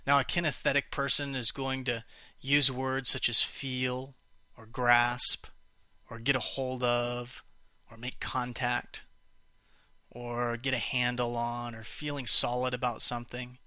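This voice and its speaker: A man's voice: medium pitch, completely flat delivery, unhurried, bright, forceful tone, clean tone, no echo. A man teaching a lesson on how to speak to different kinds of buyers, explaining and acting out example phrases, with some restarts. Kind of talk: spoken lesson on communication styles.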